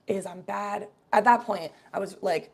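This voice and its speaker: A young adult woman vlogger telling a casual story to her live chat, animated and swearing freely as she acts out other people's voices. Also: mid-range voice, measured pace, gravelly, breathy edge.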